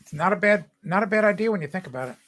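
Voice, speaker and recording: A man's voice: sits high, lively intonation, racing, fairly bright tone. An older man hosting a live stream, chatting casually with viewers in a rambling way and laughing often.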